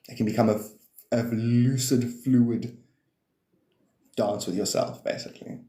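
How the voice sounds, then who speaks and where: A man's voice: medium pitch, fairly even intonation, unhurried, warm tone, roomy sound. A man rambling through casual livestream chat about spirituality, swearing freely and laughing often.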